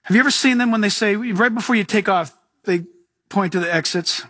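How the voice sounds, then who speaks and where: A man preaching a sermon as pastor, telling stories with jokes and chuckles and mimicking other people in lively asides. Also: high-pitched, fairly quick, dry recording, clean studio sound.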